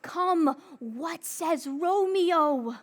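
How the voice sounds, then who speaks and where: A woman's voice: very high-pitched, expressive, very slow, full character voice. A woman playing eager young Juliet. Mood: pleading. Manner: pleading, eager, declamatory. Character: impatient young female lover, eager, lovestruck. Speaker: stage actor. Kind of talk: outdoor Shakespeare stage performance.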